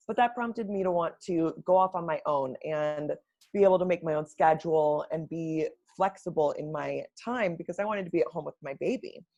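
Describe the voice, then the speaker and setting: A woman who works as a brand strategist, answering interview questions in a measured, explanatory way. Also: sits low, a little mellow, lo-fi sound. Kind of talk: casual live-stream interview.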